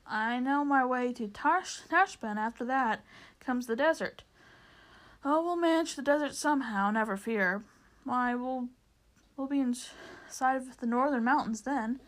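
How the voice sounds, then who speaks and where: A woman's voice: high-pitched, unhurried. A woman reading as a proud talking horse. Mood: confident. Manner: formal, old-fashioned phrasing. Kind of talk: storybook reading.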